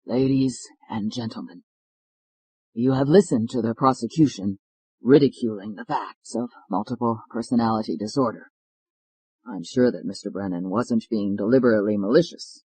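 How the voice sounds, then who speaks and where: A man voicing a feverish, hoarse defense lawyer who speaks low and strained, in an audiobook read in a dry studio. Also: normal speed, dark tone, no room sound, low-quality recording. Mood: earnest.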